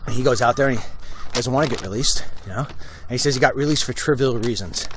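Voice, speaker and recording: On a residential street, a middle-aged walk-and-talk host speaks into his phone at a quick pace in a medium-pitched voice, with slight background noise. His live-stream monologue is a blunt, opinionated political rant delivered on the move.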